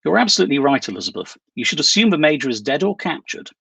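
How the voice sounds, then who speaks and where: A calm, businesslike woman handler gives brisk instructions over the phone, voiced by a gravelly-voiced man reading aloud. Her pitch sits slightly raised and lively, and the voice is husky in a dry room. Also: no echo, exaggerated voice.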